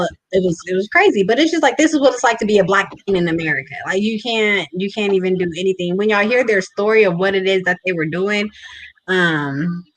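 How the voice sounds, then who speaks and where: A woman's voice: mid-range voice, rough recording. A woman co-hosting a podcast, chatting casually and reading news articles aloud, sometimes stumbling over names. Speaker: podcast co-host.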